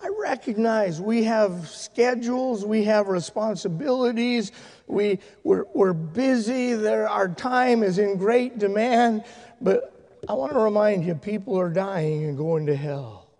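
A male pastor telling stories in a sermon, swinging from loud, excited shouting to hushed, tender speech. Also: high-pitched, a little slow, long reverb tail. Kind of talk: sermon storytelling. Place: church sanctuary.

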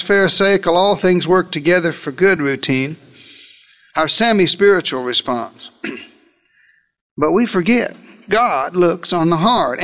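Male preacher, high voice, dramatic pulpit delivery with slowed quoted lines. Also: a bit bright. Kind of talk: sermon.

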